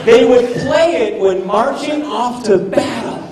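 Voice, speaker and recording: A male stand-up comic with a strikingly high voice works an audience, mocking and animated. He is heard from a distance in an echoey room, with a loud crowd behind him. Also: unhurried. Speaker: stand-up comedian. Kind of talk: stand-up comedy set. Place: live comedy venue with audience.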